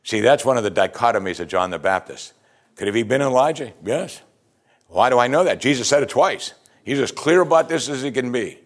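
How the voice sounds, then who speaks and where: A man's voice: medium pitch, expressive, a little fast. A man giving a chatty, conversational Bible teaching, often putting rhetorical questions to his listeners. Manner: informal, chatty retelling of scripture.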